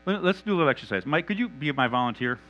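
A man preaching a sermon in an animated, conversational and humorous manner. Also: on the high side, racing, muffled recording, a little hiss or hum.

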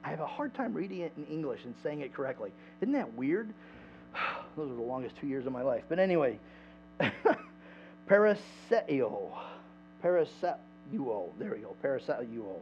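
A man preaching a sermon in a church, conversational and animated, asking the congregation questions. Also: on the high side, normal speed, creaky, long pauses, soft background music. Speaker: pastor. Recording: dull lo-fi sound with mains hum.

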